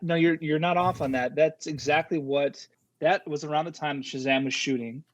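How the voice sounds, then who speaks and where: A man's voice: medium pitch, no room sound, dull audio. A man talking casually as a podcast guest, getting fired up and swearing as he talks. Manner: fired-up, swears when excited.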